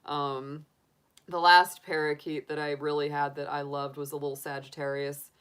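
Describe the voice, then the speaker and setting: A middle-aged woman with a low voice chats easily with her livestream viewers. She rambles warmly between topics, laughing often and restarting her sentences as she goes. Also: level tone, normal speed, smooth. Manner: chatty and giggly, with frequent laughs and restarts. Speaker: tarot reader livestream host. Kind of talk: casual chat answering live viewers.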